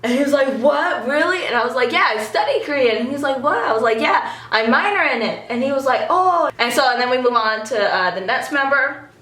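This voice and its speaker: A young woman excitedly telling a story in a vlog, giggling and acting out what people said. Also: high voice, fast talker, reverberant, far from the mic. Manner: gushing, giggly, acts out quotes.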